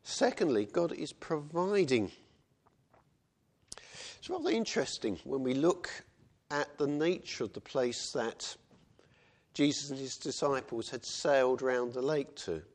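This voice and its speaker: Guy preaching, chatty sermon, normal pitch, keeps going "isn't it". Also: lively intonation, a little slow, pauses often, a little mellow. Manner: conversational, with tag questions and acted quotes.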